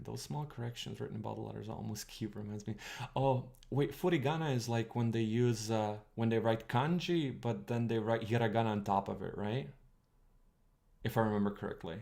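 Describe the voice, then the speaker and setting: A young man streaming casually, working through an old text out loud with many pauses and questions to his chat. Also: lowish voice, creaky. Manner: thinking aloud, halting, reads words out slowly, asks the chat.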